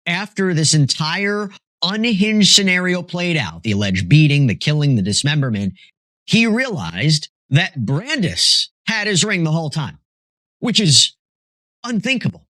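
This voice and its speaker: A man's voice: fairly high pitch, big pitch swings, a little slow, sharp tone, no room sound. Emphatic male true crime narrator. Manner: emphatic, dramatic stresses. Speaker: true crime channel host.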